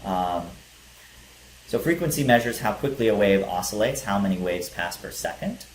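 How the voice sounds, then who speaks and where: Low-voiced man lecturing in an echoey room. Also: lively intonation, moderate pace. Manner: explains step by step with fillers. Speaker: teacher. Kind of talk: physics lecture. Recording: echoey room with faint hiss.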